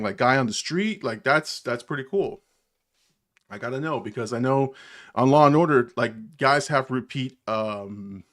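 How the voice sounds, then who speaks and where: A man with a New Jersey accent hosts a live stream and chats casually with his viewers. He rambles from one thing to the next and chuckles often as he talks. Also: mid-range voice.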